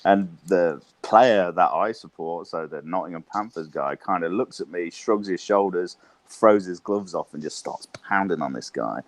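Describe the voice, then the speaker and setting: Deep-voiced profane Englishman. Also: normal speed, hardly any pauses. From England. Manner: profane, animated, laughs through stories. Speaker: guest. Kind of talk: casual storytelling chat.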